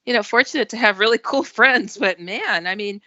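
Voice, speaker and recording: A woman guest telling stories in a casual chat, animated and laughing often. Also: mid-range voice, moderate pace, dry recording, muffled recording.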